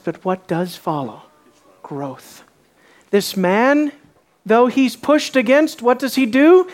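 A preacher giving an expository sermon who asks the congregation rhetorical questions and moves between hushed, solemn lines and impassioned, raised ones. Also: mid-range voice. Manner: slows and stretches key words for emphasis.

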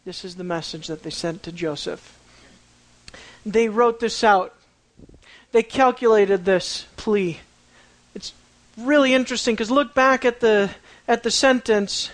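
Lively preacher with dry, close sound. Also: medium pitch, unhurried, no room sound. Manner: lively and conversational, often asking the listeners questions; tells the story with dramatic swings between quiet and excited. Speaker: preacher teaching a Bible passage. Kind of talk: conversational sermon.

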